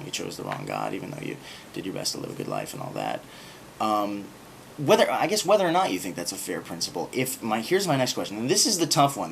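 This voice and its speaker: A man with a slightly low voice rambles to camera in a sarcastic, self-mocking way, stumbling through ums and uhs. A faint hum sits under the recording. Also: fairly bright tone. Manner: rambling, sarcastic, full of filler words. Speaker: video blogger. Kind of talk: casual monologue to camera.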